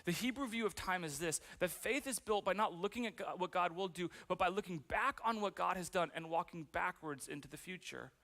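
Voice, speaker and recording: A male pastor preaching a sermon in a chatty, self-deprecating way, full of asides and fillers. His voice is bright and sharp, and sits a little high for a man. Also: a little fast, few pauses.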